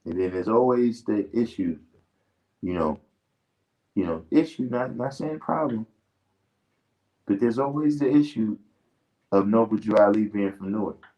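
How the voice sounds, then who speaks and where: A man's voice: fairly low pitch, animated, a little slow, pauses often, mellow, lo-fi sound. A man hosting a livestream in casual chat, laid-back and laughing often, trailing into asides. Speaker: livestream host.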